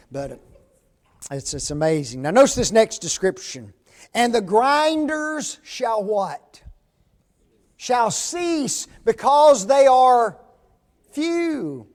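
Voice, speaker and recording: A high-voiced man preaches in a church. He keeps it folksy and casual, tossing questions out to the congregation as he goes. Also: darkish tone. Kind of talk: sermon.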